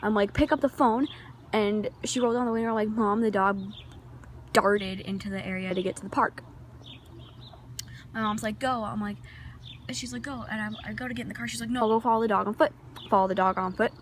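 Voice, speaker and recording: A teenage girl vlogging outdoors in her neighborhood, telling a rambling, excitable story into a handheld phone camera. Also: mid-range voice, fairly quick, pauses often, a little hiss or hum. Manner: excitable, rambling, many restarts and fillers. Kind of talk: casual storytelling vlog.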